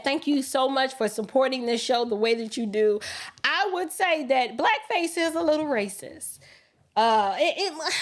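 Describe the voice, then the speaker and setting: A woman hosting a political commentary livestream, colloquial and emphatic, often mimicking others in quoted asides. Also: high voice. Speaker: livestream host.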